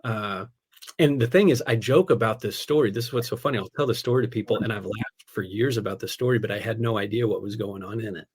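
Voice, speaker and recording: An animated pastor telling a story. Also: male voice, lowish voice, fast, husky. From United States. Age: adult, a parent. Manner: animated, laughing storyteller peppering speech with "like" and "man". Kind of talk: casual storytelling conversation.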